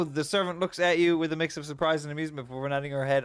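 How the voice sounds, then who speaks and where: A man's voice: fairly high pitch, fairly even intonation, a little fast, fairly bright tone, smooth, dry recording, faint music behind. A man streaming a text adventure game, reading its story aloud and reacting playfully, often laughing.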